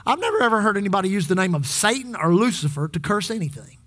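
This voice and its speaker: Talking fast and very animatedly in a medium-pitched, slightly bright voice, a pastor exhorts his church congregation, leading call-and-response as they repeat phrases back to him.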